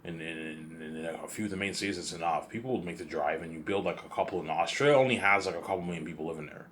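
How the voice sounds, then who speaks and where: A young man with a slight Canadian accent and a very low voice talks in a loose, rambling monologue. He stumbles and repeats words, drops casual swears, and keeps a relaxed, offhand tone. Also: quick pace, a little hiss or hum. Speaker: host.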